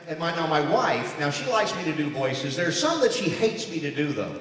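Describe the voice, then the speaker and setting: A man, a voice actor, giving a comedic speech to an audience, telling stories in an animated way and slipping into character voices. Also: a little high, moderate pace, hardly any pauses. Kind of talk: comedic keynote speech with impressions. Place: large hall before an audience. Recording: echoey hall recording from far off, crowd noise.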